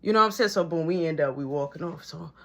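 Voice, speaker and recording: A man's voice: on the high side, quick pace. A young man telling a story from his own life in a casual storytime, acting out every quote. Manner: animated, acts out every quote.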